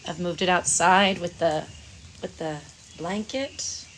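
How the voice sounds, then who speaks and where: A woman chatting casually to viewers on an outdoor live stream, calling them darling, with gentle guided breathing. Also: fairly low pitch, takes it slowly, a little hiss or hum. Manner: affectionate, calls viewers darling and lovelies. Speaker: livestream Reiki practitioner. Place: outdoors at sunrise. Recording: music playing in the background.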